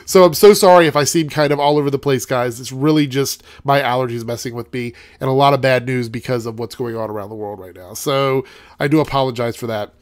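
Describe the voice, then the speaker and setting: A man's voice: medium pitch, fairly quick, no room sound, clean studio sound. A young man with a congested voice giving a rambling, chatty TV episode review as host of his show. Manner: rambling, chatty, frequent ums.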